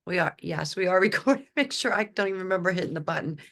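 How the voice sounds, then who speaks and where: A woman's voice: lowish voice, lively intonation, fast, creaky, a bit bright. A woman hosting a casual podcast chat, talking freely and often searching for words mid-sentence. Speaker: podcast host.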